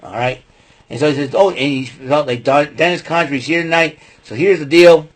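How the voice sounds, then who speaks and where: A man with a husky, breathy voice talks through a wrestling broadcast in casual podcast style. He rambles, piles up fillers and gives his opinions freely. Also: a little high, fairly even intonation, normal speed. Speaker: podcast host. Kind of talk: casual wrestling show recap.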